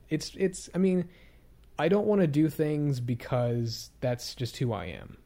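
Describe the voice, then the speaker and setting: Mellow-voiced young man musing on camera. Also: on the high side, animated, moderate pace. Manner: rambling, hesitant, many fillers and restarts; candid and self-critical. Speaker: YouTuber. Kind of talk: casual reflective vlog monologue.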